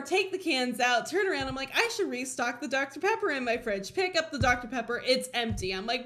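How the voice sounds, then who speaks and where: Bright, high-voiced woman telling a rambling story. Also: brisk. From Colorado. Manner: animated, laughing often, swearing, acts out her own thoughts. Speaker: podcast host. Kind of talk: casual storytelling.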